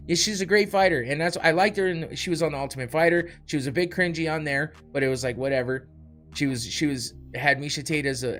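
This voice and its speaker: A man's voice: mid-range voice, a bit bright. A man hosting a podcast, ranting heatedly with blunt swearing and short laughs. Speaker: podcast host. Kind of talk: heated profane rant.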